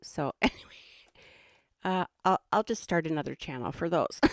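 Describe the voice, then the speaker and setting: A woman's voice: sits low, animated, normal speed, no echo, studio quality. A middle-aged woman with a Minnesotan accent who hosts a livestream and chats casually in a rambling way, laughing often. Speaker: host.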